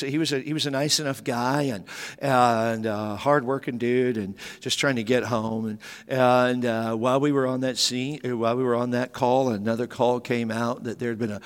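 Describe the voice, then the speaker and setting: A man in his fifties preaching a sermon as pastor, animated and joking, with sudden emphatic bursts. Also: medium pitch. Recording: long hall reverb.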